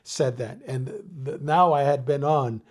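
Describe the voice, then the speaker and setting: A Mexican-born older man, a retired police detective, telling stories in a casual interview, animated and profane, dropping "dude" and "you know what I mean" all through. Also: mid-range voice, normal speed.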